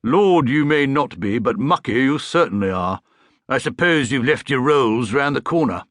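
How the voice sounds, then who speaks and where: A man's voice: medium pitch, animated, normal speed, fairly bright tone, no room sound, studio quality, pitched above the performer's own voice, natural voice. A man voicing a stern, sarcastic middle-aged male gatekeeper, in an audiobook. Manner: sarcastic, blunt, working-class.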